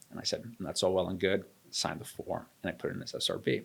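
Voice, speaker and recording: A man's voice: sits low, fast, gravelly, few pauses, slightly rough. A man in his thirties, an interview guest, telling a story and acting out the dialogue. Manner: animated, acts out quoted dialogue. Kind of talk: storytelling in a conversation.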